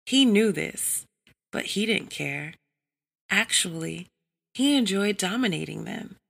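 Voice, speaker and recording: A woman narrating an adult story in a measured, even reading style. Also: mid-range voice, creaky.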